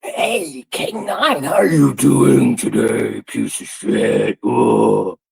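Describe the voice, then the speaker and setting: Man doing a whispery, sneering parody of a woman streamer, gravelly, pitch leaping around. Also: very animated, very slow, a little mellow, full character voice. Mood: mocking. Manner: sneering, singsong, whispery mockery. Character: mocking impression of a whiny woman streamer.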